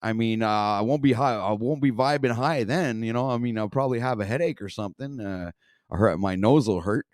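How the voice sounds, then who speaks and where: A man hosts a talk stream, reacting to a video with rambling, profane commentary packed with fillers. He swears nonstop, rants, and trails off into filler words. His mid-range voice runs a little fast with a darkish tone, recorded clean in a studio with no echo.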